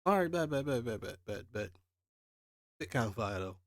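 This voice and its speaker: Excitable man reacting, dry sound. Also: normal speed, dry recording. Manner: excitable, jumps high when surprised, laughs at himself. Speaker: manga reaction channel host. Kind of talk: reading aloud and reacting.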